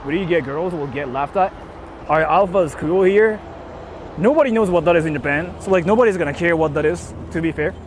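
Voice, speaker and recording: A man's voice: a little high, fairly quick, a little hiss or hum. A young man chatting casually on a stream from a car, reading donations, playful and sweary.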